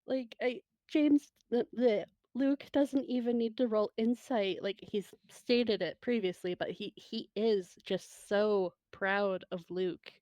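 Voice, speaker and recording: A woman narrating a tabletop role-playing game in a soft, unhurried way, with laughter in between. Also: medium pitch, no room sound. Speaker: game master.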